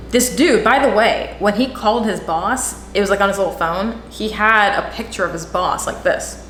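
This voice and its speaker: A woman vlogger telling a story in a sarcastic, animated way, acting out the people in it. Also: mid-range voice, echoey room, slight background noise. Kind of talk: casual storytelling vlog.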